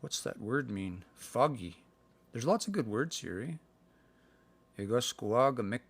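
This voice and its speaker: A man from Canada giving a casual livestream language lesson, thinking aloud and slowly sounding out words between fillers. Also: medium pitch, lively intonation, husky. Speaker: language learner sharing practice phrases. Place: indoors, livestream. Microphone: phone.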